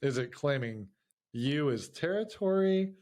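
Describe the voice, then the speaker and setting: A middle-aged man and teacher co-hosting a podcast in casual chat, an animated storyteller who laughs often. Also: fairly high pitch, measured pace. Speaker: podcast co-host, teacher of young kids.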